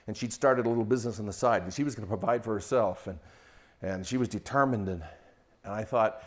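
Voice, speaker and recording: An older man preaching a sermon on marriage, swinging from loud mocking quotes to hushed, intimate storytelling. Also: fairly low pitch, fast talker. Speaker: pastor.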